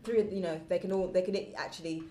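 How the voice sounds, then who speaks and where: Brief: woman co-host, low-pitched and rapid, blunt verdicts on pop acts. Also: fairly even intonation, over music. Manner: blunt, dry, trails off quietly. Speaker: music review show co-host. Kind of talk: casual chat.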